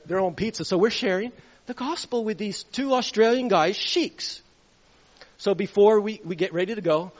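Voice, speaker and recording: A man giving a rambling sermon testimony, telling stories and chuckling at them. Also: high-pitched. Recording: reverberant hall, dull lo-fi sound.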